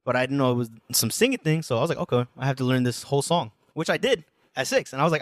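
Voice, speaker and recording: Young male podcast guest, rapid slangy storyteller with a dry, close sound. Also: medium pitch, no room sound. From United States, New Jersey. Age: 20s. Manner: slangy, rambling, full of filler phrases. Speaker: guest musician.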